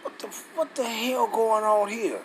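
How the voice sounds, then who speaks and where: A man's voice: high-pitched, steady tone, a little slow, slight background noise, poor audio. A man teaching scripture in a loose, casual way, reading passages aloud and breaking off with blunt, profane comments and rhetorical questions.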